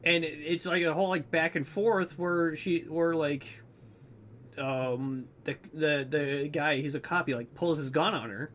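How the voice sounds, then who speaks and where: A man's voice: a little high, fairly even intonation, a little slow, fairly bright tone, a little hiss or hum. A young man co-hosting a podcast, retelling a movie plot in rambling casual chat with lots of fillers. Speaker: podcast co-host.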